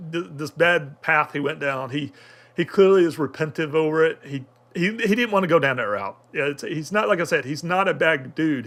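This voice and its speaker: A man's voice: on the high side, fairly bright tone. A man talking through an anime episode in casual review commentary, rambling with many fillers and restarts.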